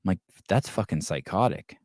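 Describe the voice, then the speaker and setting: A man's voice: sits low, expressive, normal speed, a little mellow, dry recording, clean studio sound. A middle-aged man hosting a podcast in casual chat, profane and joking, telling stories with voiced quotes. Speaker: podcast host.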